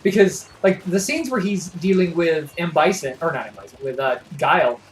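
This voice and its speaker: A man's voice: a little high, normal speed, a little hiss or hum. A man co-hosting a gaming livestream, chatting casually in an enthusiastic, rambling way that often corrects itself. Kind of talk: casual chat.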